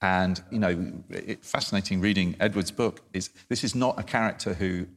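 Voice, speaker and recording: A man with a very deep, low voice talks about a novel in a relaxed discussion. He stumbles and restarts often, repeating words as he feels his way toward a point. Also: normal speed. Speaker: book discussion panelist. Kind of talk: casual literary discussion.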